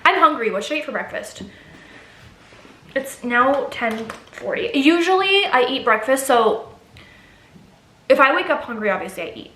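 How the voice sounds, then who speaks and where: A woman's voice: sits high, sing-song, normal speed, pauses often, sharp tone, a little hiss or hum. A young pregnant woman talking casually in a get-ready-with-me vlog, rambling with fillers and restarts. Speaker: vlogger. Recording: echoey room.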